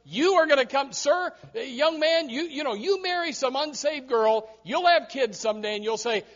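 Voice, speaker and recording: A man with a high voice preaches a fiery sermon, moving from muttered asides into loud, stirred-up preaching. He stumbles into quick repeated restarts. The recording sounds dull and lo-fi. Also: lively intonation. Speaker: pastor.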